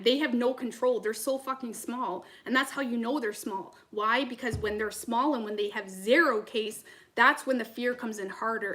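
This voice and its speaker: Ranting woman, fairly high voice. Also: fairly bright tone. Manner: heated, profane, rambling rant. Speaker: tarot reader. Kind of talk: ranting to camera between tarot readings.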